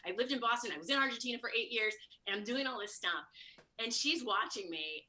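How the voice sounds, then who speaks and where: Woman comic from chicago, super high energy, bright voice, acts out all the quotes. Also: lively intonation, a little fast, rough recording. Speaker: comedian. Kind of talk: live storytelling monologue.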